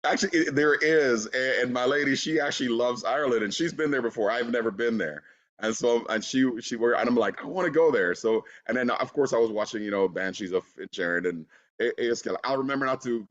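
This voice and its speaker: A man talking as an actor guest in a casual interview, relaxed and laughing easily, with lots of "you know". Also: medium pitch, fairly quick, highs cut off.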